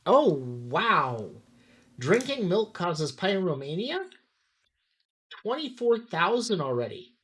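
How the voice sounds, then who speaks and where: A woman co-hosting a casual podcast chat, teasing and cutting in with deadpan jokes. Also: medium pitch, slow pace, slightly rough. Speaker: podcast co-host.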